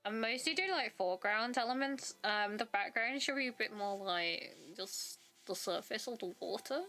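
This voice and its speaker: A woman's voice: a little high, normal speed, sharp tone. Rambling young woman chatting while drawing. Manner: rambling, self-interrupting, trails off. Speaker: artist streamer. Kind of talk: casual chat while drawing. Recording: faint background music.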